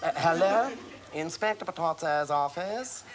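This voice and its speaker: A man's voice: fairly high pitch, lively intonation, a little slow. An actor playing a manic, mischievous male impostor on stage, clowning and mocking as he talks to the audience, in a noisy 1980s TV recording. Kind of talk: comic stage acting with audience asides.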